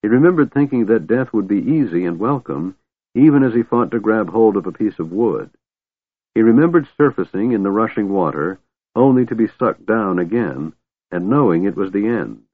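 A male audiobook narrator reads a fantasy novel in a steady, measured way. His voice sits on the low side and close to the mic, with no room around it. The sound is thin and narrow, like a phone line. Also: husky, no room sound. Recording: narrow phone-like band, dry.

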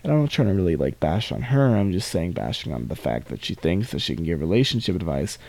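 A man's voice: deep voice, sing-song, fast, a little mellow, dry recording. A teenage boy hosting a podcast, talking on his own in a rambling, casual way, full of restarts and asides. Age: teens. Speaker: podcast host. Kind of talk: casual solo monologue.

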